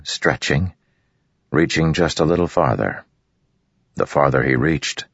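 Male audiobook narrator with a gravelly bass voice and a dry, dull sound; reads steadily. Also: no room sound. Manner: steady, even storytelling. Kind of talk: scripted fantasy narration.

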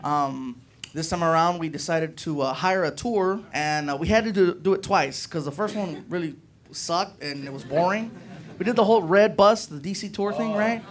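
A male comedian tells a story with an animated, conversational delivery. His voice sits high for a man. Clear noise runs under the recording. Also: moderate pace. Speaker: stand-up comedian. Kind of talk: stand-up storytelling.

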